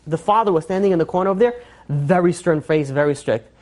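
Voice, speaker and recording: Rapid-fire male rabbi narrating a story to his listeners; animated, casual fillers. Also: high-pitched. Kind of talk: storytelling sermon.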